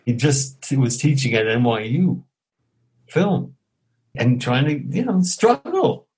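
A man's voice: mid-range voice, slow pace, breathy edge, rough recording. Older New man telling stories. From Brooklyn, New York. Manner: animated, acts out dialogue, chuckles often. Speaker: actor, interview guest. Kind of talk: anecdotal storytelling in an interview.

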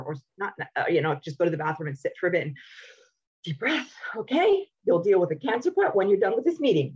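Husky-voiced woman telling her story. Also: sits low, dull audio. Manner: candid, animated, with many self-interruptions. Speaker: podcast guest. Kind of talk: conversational personal storytelling.

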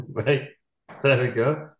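Slow-talking host in a roomy sound. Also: male voice, mid-range voice. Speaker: podcast host. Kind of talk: casual chat.

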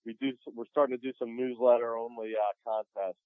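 Quick-talking man on a phone line. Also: medium pitch, steady tone, smooth, dry recording. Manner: restarts, earnest, businesslike. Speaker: game developer calling in as a guest. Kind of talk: casual phone interview. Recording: dry tinny phone line.

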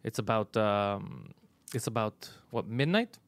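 A man hosts a comedy podcast, laughing often as he tells a frustrating story in a profane, exasperated way. His voice sits fairly low with lively intonation and an unhurried pace, recorded with no room sound. It's casual chat and storytelling.

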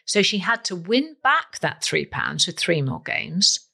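A woman's voice: on the low side, measured pace, vocal fry, slightly rough. A woman hosting a quiz podcast, playful and emphatic in a scripted read. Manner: playful, emphatic, lively delivery. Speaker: quiz host.

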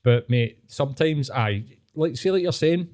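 A man's voice: medium pitch, expressive, moderate pace, darkish tone. A Scottish man co-hosting a podcast, chatting casually, swearing and reflecting, calling his friend mate. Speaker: podcast co-host.

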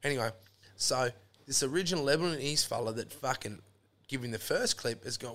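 This Australian podcast guest speaks at a brisk clip, his medium-pitched voice pushed and bright. He tells a meandering story packed with swearing and plenty of "mate" in a relaxed conversation.

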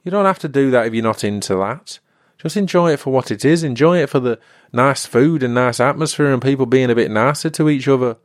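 Guy rambling on his podcast, jokey, dry close sound, regular pitch. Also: fairly quick, no echo. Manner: rambling, comic, slips into put-on regional accents. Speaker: podcast host. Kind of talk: solo podcast monologue.

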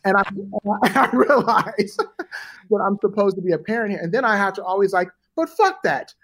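A middle-aged man is telling a story as an interview guest, his voice a touch higher than most men's. He is animated and swears casually, and he acts out other people's lines as he goes. The delivery is relaxed and conversational. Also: normal speed, breathy edge.

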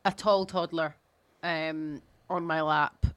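A Scottish woman co-hosting a podcast, telling stories in relaxed casual chat. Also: low-pitched, slow, clear, resonant tone. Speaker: podcast co-host.

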